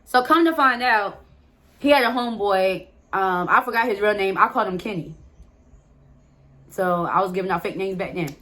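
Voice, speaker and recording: A woman telling a personal story straight to camera in a loose, conversational way. Her voice sits at an ordinary middle pitch. She is frank and casual, drops the odd curse word and keeps turning to her viewers. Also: moderate pace, bright, forceful tone. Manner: candid, swears freely, addresses viewers as y'all. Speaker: storytime vlogger.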